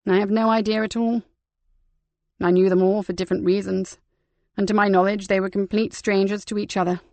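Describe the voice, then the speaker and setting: A man's voice: high voice, flat delivery, fairly quick, dry recording. Woman reading as a troubled male vicar. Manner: hesitant, quietly worried. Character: troubled middle-aged male parish vicar.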